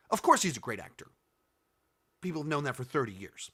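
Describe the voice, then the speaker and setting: A man's voice: on the high side, sing-song, a little fast, pauses often, a bit bright, breathy edge. A man hosting a casual commentary video, answering viewer questions, rambling and thinking aloud with many restarts and sarcastic stretches.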